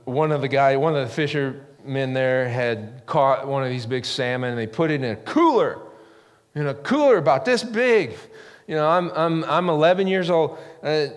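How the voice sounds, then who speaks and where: A middle-aged man preaching a sermon, telling stories in an animated way and acting out loud quoted yells. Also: long reverb tail. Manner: animated, acts out quotes with sudden high yells. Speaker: pastor. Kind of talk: sermon storytelling.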